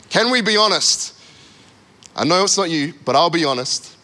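A man's voice: a little high, animated, moderate pace, long pauses, sharp tone. A man preaching a sermon as a pastor, with frequent "come on" interjections and acted-out quotes. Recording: long hall reverb.

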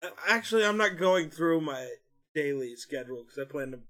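Blunt, sweary young man, slightly high voice. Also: animated, a little fast, fairly bright tone. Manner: blunt, swears freely, rants about pet peeves. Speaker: podcast co-host, streamer. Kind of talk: casual chat.

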